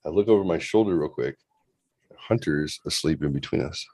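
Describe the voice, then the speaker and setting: Very deep male voice, dry close sound, forties, rambling profane storyteller. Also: expressive, normal speed, dark tone, slightly rough, dry recording. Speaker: show host. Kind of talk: casual storytelling on a livestream.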